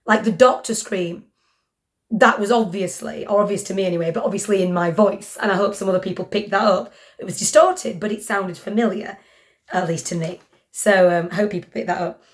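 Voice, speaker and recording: A woman's voice: mid-range voice, brisk. Reflective woman talking through her acting. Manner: reflective, thinks aloud with fillers. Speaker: voice actor in an audio drama. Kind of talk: casual interview about acting.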